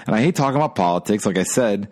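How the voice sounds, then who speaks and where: A man with a very low voice hosts a solo podcast in a casual, rambling way. He sounds worn out and keeps swearing through his weary complaints. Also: lively intonation, very fast, a little mellow. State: tired. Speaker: podcast host.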